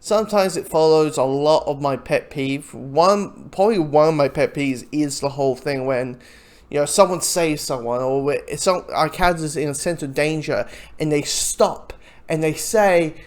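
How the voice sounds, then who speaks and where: A man's voice: a little high, normal speed. A man giving a casual, rambling spoken review of a movie, talking loosely and sometimes slipping into the voices of the people he quotes. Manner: rambling, acts out quoted lines. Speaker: film reviewer.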